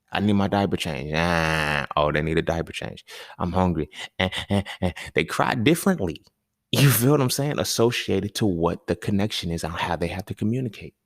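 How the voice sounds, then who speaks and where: Low gravelly man in casual monologue. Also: no echo, clean studio sound. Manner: loose, conversational, slangy, often asks "you feel me". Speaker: podcast host.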